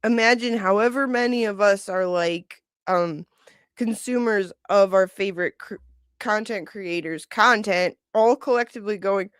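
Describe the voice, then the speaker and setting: A woman's voice: medium pitch, moderate pace, clean tone, no echo, studio quality. A woman in her forties hosting a casual livestream, rambling, chuckling often and reading out viewer comments. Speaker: livestream host.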